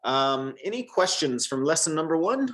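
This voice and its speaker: A man's voice: on the high side, sing-song, normal speed, a bit bright. A man teaching a one-on-one Spanish lesson, patient and encouraging, modeling words for the student to repeat.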